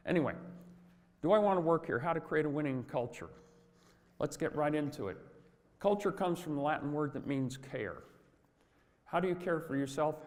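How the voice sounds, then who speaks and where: A man's voice: fairly high pitch, darkish tone. A man in his sixties giving a folksy, anecdotal motivational talk at a conference, in a large hall. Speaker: conference speaker. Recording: long hall reverb.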